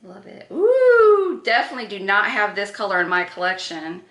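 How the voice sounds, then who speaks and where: Bright, gushing woman in an echoey room. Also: mid-range voice, fast talker. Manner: chatty and gushing, with gasps and self-corrections. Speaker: beauty vlogger. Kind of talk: casual makeup unboxing chat. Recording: roomy echo.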